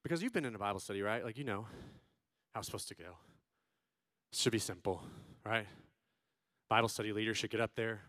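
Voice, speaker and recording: A man in his thirties doing stand-up, telling stories as a father and acting out loud quotes between hushed asides. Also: lowish voice, brisk, pauses often, no room sound, clean studio sound. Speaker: stand-up comedian. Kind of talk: stand-up storytelling.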